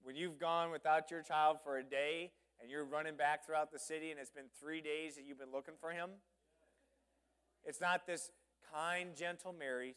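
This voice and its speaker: A man's voice: fairly high pitch, steady tone, moderate pace, a bit bright, clear, resonant tone. A male pastor preaching a sermon, reading scripture and adding humorous, conversational asides.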